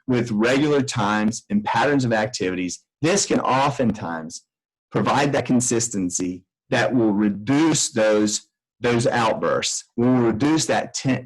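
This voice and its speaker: Middle-aged dad, low-ish voice, chatty home-recorded parenting lesson, restarts a lot. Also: male voice, husky, poor audio. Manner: earnest and conversational, with frequent restarts and asides. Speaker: extension educator. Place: room in his own house.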